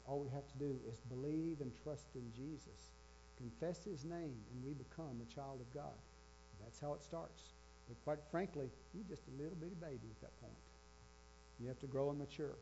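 Male preacher, emphatic, repetitive, mellow, dull lo-fi recording with faint hum. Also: medium pitch, moderate pace. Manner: emphatic, repeating key phrases. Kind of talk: sermon.

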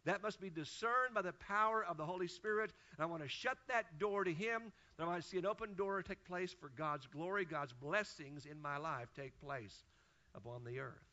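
A man's voice: high voice, moderate pace, bright, forceful tone, lo-fi sound. A male pastor preaching a sermon from a church pulpit, emphatic and stacking repeated phrases in lists.

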